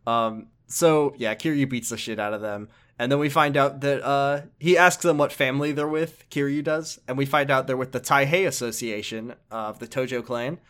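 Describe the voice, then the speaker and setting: A man's voice: medium pitch, moderate pace, hardly any pauses, a bit bright. A man casually retelling a video game story with wry jokes, as a podcast co-host. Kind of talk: casual chat.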